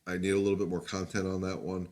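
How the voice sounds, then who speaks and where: A man's voice: sits low, flat delivery, quick pace, darkish tone. Plain-spoken man giving dog advice. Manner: candid, plain-spoken, many fillers and restarts. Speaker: dog trainer answering viewer questions. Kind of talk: live-stream Q&A, casual advice. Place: home, live stream.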